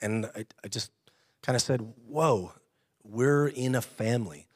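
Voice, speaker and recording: A man's voice: mid-range voice, no echo. Guy in his 30s telling his church story, earnest, laughs a lot, mid voice, dry close sound. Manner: earnest, chatty, laughs often, halting restarts. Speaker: church member giving testimony. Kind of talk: personal testimony in church.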